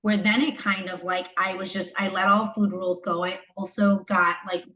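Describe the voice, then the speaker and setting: In this candid video-call testimonial, a young American coaching client in her third trimester of pregnancy speaks emotionally, rambling with lots of fillers and restarts. Her mid-range voice is bright and forceful, though her delivery is flat, at a moderate pace. The audio is poor and reverberant.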